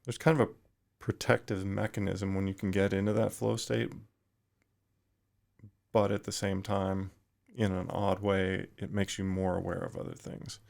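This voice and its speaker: A middle-aged man, a retired firefighter, talking thoughtfully in a podcast interview, pausing and restarting often. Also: deep voice, little pitch movement, vocal fry, a little mellow. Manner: thoughtful, halting with frequent restarts.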